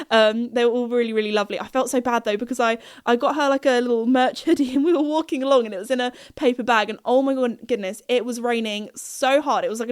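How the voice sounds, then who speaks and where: A woman's voice: a little high, clear, resonant tone, dry recording, studio quality. A young woman hosting a podcast, telling stories in a chatty, giggly way with lots of fillers. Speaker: podcast host. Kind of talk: casual chat.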